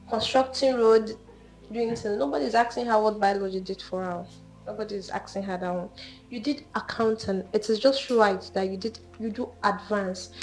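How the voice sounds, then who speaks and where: A young woman student talks in a casual, storytelling way. Her voice rings in an echoey room. Faint music plays under her. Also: medium pitch. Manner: chatty, storytelling, animated. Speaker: banking and finance student. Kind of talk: casual group discussion.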